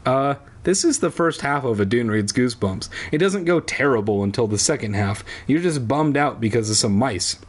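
A man with a husky voice that swings widely in pitch. He reads a kids' horror story with sarcastic, rambling, crude asides. He is from Southern California. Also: lively intonation, normal speed, hardly any pauses. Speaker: host reading a children's horror book aloud. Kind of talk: comic reading with crude asides.

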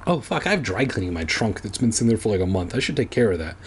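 A man's voice: lowish voice, very animated, rapid-fire, slight background noise. A man casually reading a children's book aloud, breaking off for irreverent, swearing asides. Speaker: reader. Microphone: home recording, edited later.

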